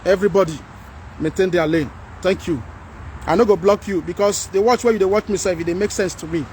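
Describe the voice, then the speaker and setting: A man with a Nigerian accent hosting a livestream, talking to viewers and reading their comments in an animated, pleading way. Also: sits high, a little fast, slight background noise. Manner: animated, pleading, mixes in Pidgin. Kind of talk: casual livestream talk.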